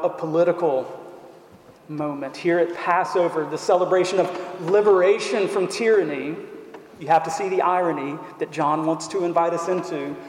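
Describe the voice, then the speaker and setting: A man's voice: a little high, a little mellow, a little hiss or hum. A man preaching a sermon in a church, who stresses his points by repeating phrases and asking rhetorical questions. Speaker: pastor. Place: church sanctuary. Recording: echoey hall with long reverb.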